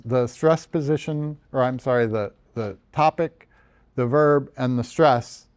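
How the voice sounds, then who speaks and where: An American journal editor gives a conversational, self-deprecating lecture over slides, full of ums and restarts. His voice is fairly high in pitch, smooth, and somewhat dark in tone.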